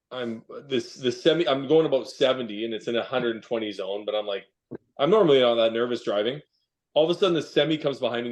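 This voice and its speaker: Man in his forties telling road stories. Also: mid-range voice. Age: 40s. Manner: relaxed storytelling, swearing freely. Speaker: podcast host. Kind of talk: casual chat.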